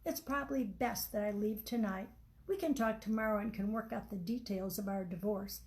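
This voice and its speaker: A woman's voice: mid-range voice, normal speed, lightly acted. Woman reading as a cold, blunt husband. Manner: flat, curt, demanding.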